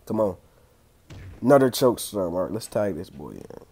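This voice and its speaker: Young man, excitable slangy gameplay commentary, congested throat, trash talk. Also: on the low side, normal speed. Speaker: gaming channel host.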